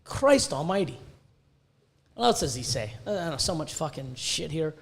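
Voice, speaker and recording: A man's voice: a little high, big pitch swings, moderate pace, creaky, slightly rough. A man hosting a podcast, ranting bluntly with constant swearing about breeding reptiles. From Canada. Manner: profane, heated, blunt.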